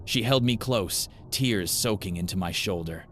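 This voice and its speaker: A man narrating a first-person horror story in a grim, measured way. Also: sits low, a bit bright, faint music behind.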